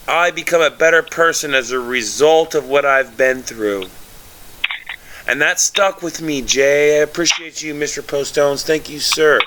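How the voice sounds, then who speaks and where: Excitable, bright-voiced man telling stories. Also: mid-range voice, moderate pace, a little hiss or hum. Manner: excitable storyteller, swears, many fillers. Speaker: co-host. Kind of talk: casual chat.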